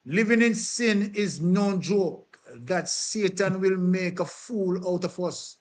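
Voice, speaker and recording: High-voiced man hosting a stream. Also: slow pace. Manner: emphatic, many "um" fillers, addresses the chat. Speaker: host. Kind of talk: live-stream commentary.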